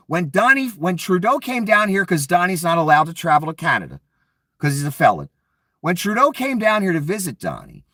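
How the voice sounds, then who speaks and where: Profane, animated male political ranter. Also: sits high, no echo, clean studio sound, distant mic. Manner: profane, sarcastic, acts out mocking quotes. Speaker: political commentator. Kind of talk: casual ranting commentary.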